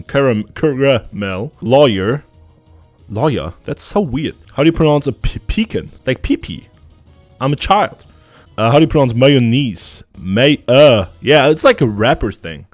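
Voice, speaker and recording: Lively sarcastic German-accented man. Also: medium pitch. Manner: sarcastic, profane, ranting banter. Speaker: streamer. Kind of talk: casual reaction to an online quiz.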